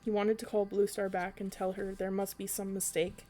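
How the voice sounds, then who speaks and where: A woman reading a children's book aloud for a storytelling podcast, in an even way with an occasional slip and restart. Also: medium pitch, normal speed.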